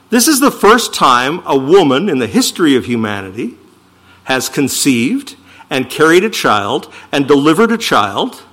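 A man preaching a sermon, reading scripture slowly and with emphasis, then explaining it in quicker asides. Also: fairly high pitch, fairly bright tone. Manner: emphatic, swings from slow declaiming to quick asides. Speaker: pastor.

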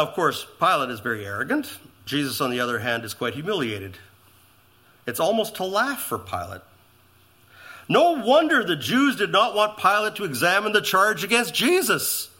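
A man preaching a sermon as pastor, animated and emphatic, dropping to hushed tones on reverent lines. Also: fairly high pitch.

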